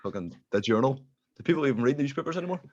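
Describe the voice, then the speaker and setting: Fast-talking young Derry man, lo-fi. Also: medium pitch, animated. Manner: laid-back, rambling, swears freely. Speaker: podcast guest. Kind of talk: casual chat. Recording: muffled lo-fi podcast audio.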